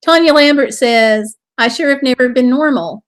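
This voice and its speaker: A woman chats cheerfully on a casual live stream, reading comments from viewers aloud and breaking into laughter and exclamations. She speaks at normal speed in a high-pitched voice.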